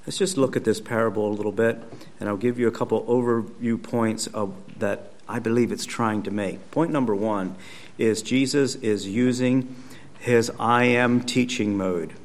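A pastor giving a conversational sermon with emphatic repetition, speaking in a church. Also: male voice, on the low side, fairly even intonation, normal speed. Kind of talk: sermon teaching.

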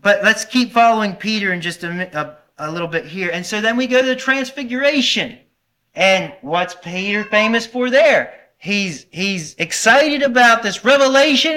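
A man's voice: sits high, animated, normal speed, sharp tone. A man preaching a sermon, earnestly putting questions to his congregation and sometimes stopping to correct himself. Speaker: pastor.

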